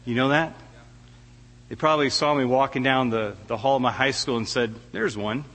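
A man's voice: mid-range voice, brisk, a bit bright, big-room sound, slight background noise. A middle-aged man preaching a heartfelt sermon as a guest preacher, often stammering and restarting his words. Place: church sanctuary.

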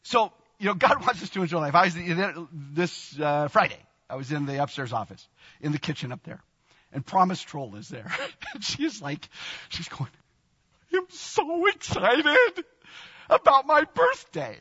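A man in his sixties preaching a sermon in a church, animated, laughing often and bursting into exclamations. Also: on the high side, moderate pace, husky. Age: 60s. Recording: long reverb, dull lo-fi sound.

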